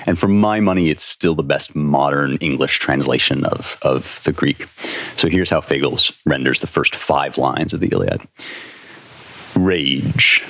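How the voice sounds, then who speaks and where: A man's voice: extremely low pitch, fairly bright tone, no room sound. A man hosting a podcast, explaining in a lecture style with eager energy and a loose, conversational delivery that keeps checking in with "right?". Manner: eager, tag questions like "right?"; loose, restarts phrases. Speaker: podcast host.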